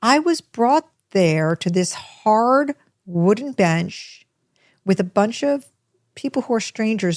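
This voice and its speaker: A woman's voice: medium pitch, no echo, studio quality. Chatty American woman telling a story. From United States. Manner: chatty, animated, self-deprecating. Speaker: host telling a personal story. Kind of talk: personal storytelling.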